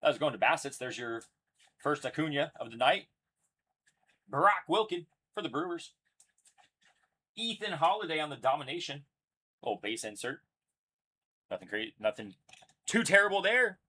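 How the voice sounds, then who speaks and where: Young male card break host: husky, lively delivery, chatty and upbeat while announcing each pull. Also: a little high, normal speed, pauses often. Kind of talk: live card-opening commentary.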